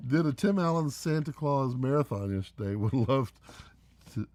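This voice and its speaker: A man's voice: mid-range voice, lively intonation, slow pace, pauses often, a little mellow. A man hosting a casual live stream from home, reading viewer comments aloud and teasing them with frequent laughs. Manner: rambling, teasing, laughs often.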